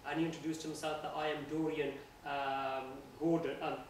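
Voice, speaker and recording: Earnest male guest speaker, fairly high voice, informal religious talk, distant mic in a boomy room. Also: little pitch movement, normal speed. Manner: earnest, conversational. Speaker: guest speaker at a university society. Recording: echoey room, voice from afar, faint noise.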